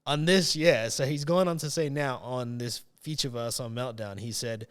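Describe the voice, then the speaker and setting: A man hosting a casual podcast, talking in a loose, rambling way and often circling back to restart his sentences. His voice is smooth and clean, sitting at an ordinary middle pitch. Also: normal speed, few pauses. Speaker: podcast host. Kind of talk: casual chat.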